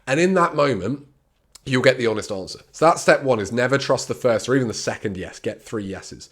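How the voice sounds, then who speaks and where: A man's voice: mid-range voice, lively intonation, fairly quick, fairly bright tone. Talkative man teaching clinic skills. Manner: conversational, acts out patient replies in quoted voices; candid and personal, extroverted and talkative. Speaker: clinical communication trainer. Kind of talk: informal teaching talk to camera.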